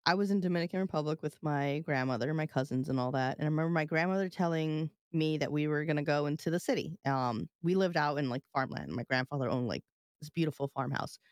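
A woman's voice: deep voice, quick pace, a little mellow, no room sound, studio quality. A woman co-hosting a casual podcast, telling a personal story at length, full of filler "like"s. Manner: rambling, many filler "like"s. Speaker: podcast co-host. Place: live-streamed podcast studio.

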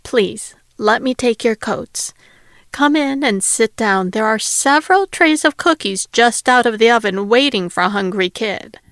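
A kindly middle-aged widower greets his visitors warmly and insists they stay for cookies, as a woman reading the story voices him. The voice sits a little high and sounds close and dry, with no room around it. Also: expressive, unhurried, no echo. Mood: welcoming. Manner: warm, welcoming, hospitable.

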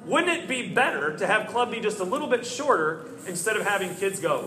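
A man's voice: high-pitched, normal speed. A man talking casually and self-critically, acting out bits of remembered conversation. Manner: animated, self-critical, acts out dialogue. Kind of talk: casual talk, recounting mistakes. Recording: echoey room with slight noise.

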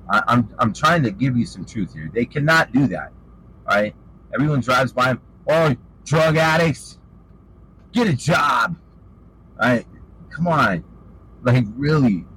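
A man's voice: on the low side, fairly bright tone, slight background noise, rough recording. A man preaching an informal sermon, fervent and calling listeners out with rhetorical questions. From western United States.

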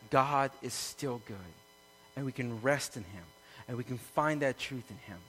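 A man preaching a sermon to a congregation, building from calm teaching to loud, impassioned peaks. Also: medium pitch, slight background noise. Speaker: pastor. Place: room with an audience.

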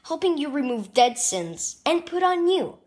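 A woman reading a scripted children's devotional story with expressive storytelling. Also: high-pitched, unhurried. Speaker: devotional reader.

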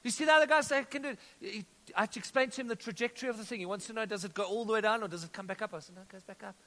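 A man preaching a sermon as pastor, energetic, calling out to the congregation and telling stories. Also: high-pitched, very fast. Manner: energetic preaching with audience call-outs and storytelling. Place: church auditorium. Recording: long reverb of a church hall.

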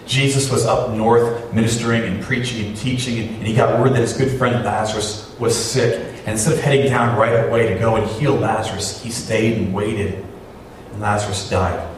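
A man's voice: lowish voice, fairly even intonation, moderate pace, slight background noise. A man preaching a sermon as pastor, talking with the congregation through rhetorical questions. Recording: echoey hall, voice from far off.

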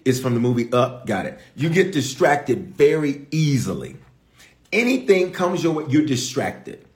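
Emphatic preacher with a lively voice. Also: male voice, fairly high pitch, reverberant. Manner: emphatic, repeats key lines, calls to the audience. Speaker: pastor. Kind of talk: sermon. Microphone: streamed online service.

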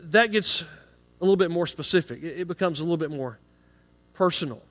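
A man's voice: fairly high pitch, a little fast, fairly bright tone. A middle-aged man preaching a sermon as pastor of a church, earnest and building emphasis on key points, often repeating a word as he starts a phrase. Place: church sanctuary. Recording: long hall reverb.

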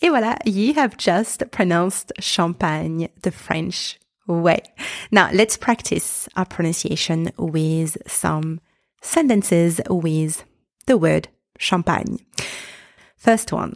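A woman hosting a podcast lesson, slowly and carefully breaking words into sounds and repeating them for listeners to copy. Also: on the low side, vocal fry, no echo, clean studio sound. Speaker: podcast host and pronunciation teacher.

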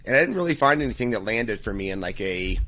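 A man's voice: fairly low pitch, animated, fast talker, bright, forceful tone. A man in his thirties, an author and coach, answering interview questions in a friendly, thoughtful way as he searches for words. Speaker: podcast guest, author and men's coach.

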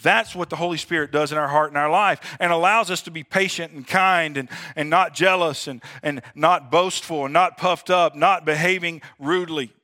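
A man's voice: on the high side, moderate pace, hardly any pauses, bright, forceful tone. A man preaching a sermon as pastor, in a conversational way, often asking "amen?" and calling his listeners friends. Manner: conversational, calls for amens and addresses listeners as friends.

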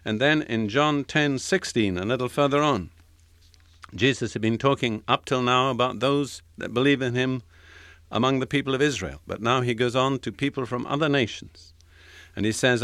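A man preaching a sermon in a measured, emphatic way, slowing down to stress the scripture he quotes. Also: mid-range voice, fairly bright tone, no echo, studio quality.

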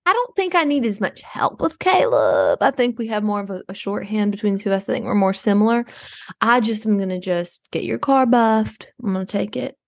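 An actress playing a self-absorbed rich suburban adoptive mom in an improvised comedy podcast, rambling and oversharing. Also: female voice, medium pitch, sing-song, a little fast, gravelly, no room sound, clean studio sound. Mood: rambling, chatty.

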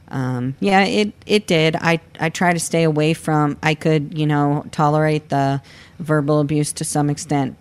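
Man, thirties, from Florida, smooth voice, candid, halting, lots of restarts. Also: on the high side. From Florida, United States. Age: 30s. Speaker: guest. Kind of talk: personal interview.

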